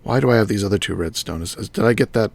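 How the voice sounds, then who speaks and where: A man's voice: on the low side, very fast, gravelly. A man streaming a game live, thinking aloud and muttering item names as he works. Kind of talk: live gameplay commentary.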